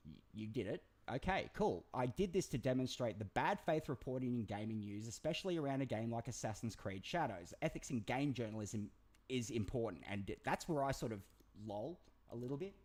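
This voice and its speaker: A man hosts a loose commentary chat, his voice rising and falling a lot. He talks in an excitable, rambling way and swears freely. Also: mid-range voice, fairly quick. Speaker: commentary channel host.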